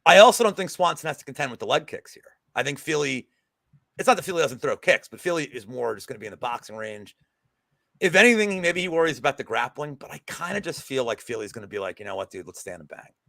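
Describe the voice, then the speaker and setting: Co-hosting a betting podcast, this man is animated and profane in casual chat, with a jokey storytelling streak. He talks fast in a slightly high voice that is gravelly, fry-laden, bright, and forceful. The sound is dry and close, with no room sound.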